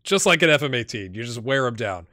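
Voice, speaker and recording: A man chats his way through a live game stream, musing aloud as he clicks through menus. His voice is bright and forward, and the sound is dry and close, with no room behind it. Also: mid-range voice, very animated, quick pace, dry recording. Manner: chatty, talks to himself while playing. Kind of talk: casual live-stream commentary.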